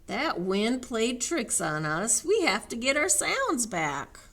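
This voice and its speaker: Woman doing a calm, clever storybook horse. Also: on the high side, takes it slowly, voice pushed up, heavily acted. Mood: amused.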